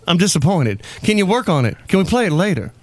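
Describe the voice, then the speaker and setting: A lively male radio host with a bouncy, somewhat high voice that swings all over as he teases his crew. The studio mic sounds dry and close, with no room around him. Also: quick pace, no echo. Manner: teasing, animated, laughs often. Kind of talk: morning talk radio banter. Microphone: studio microphone.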